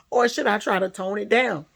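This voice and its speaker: A woman telling a personal story in a casual monologue, loud and animated, laughing often. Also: mid-range voice, vocal fry. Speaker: spiritual vlogger.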